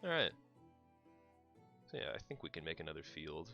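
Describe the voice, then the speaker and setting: A man's voice: very deep voice, big pitch swings, normal speed, sharp tone, highs cut off, soft background music. An American man livestreaming a game, chatting casually and teasing his co-host in joking banter. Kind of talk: casual chat while gaming.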